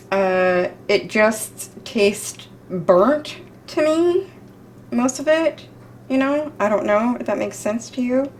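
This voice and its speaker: Her pitch sits in the middle range, with a faint background hiss or hum. A middle-aged woman running a relaxed home cooking channel, she's talkative and playful, often making herself the butt of the joke.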